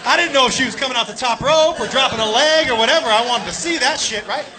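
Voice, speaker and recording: A man telling a crude, animated stand-up story on a club stage, shouting his punchlines. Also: very high-pitched, fast talker. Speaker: stand-up comedian. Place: comedy club stage with laughing audience. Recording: live club recording with crowd noise.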